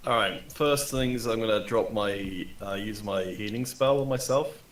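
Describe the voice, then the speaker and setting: A man's voice: fairly low pitch, a little slow, fairly bright tone. A man playing a tabletop game over voice chat, playful and jokey, adding silly sound effects. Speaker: player. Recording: roomy mic with faint noise.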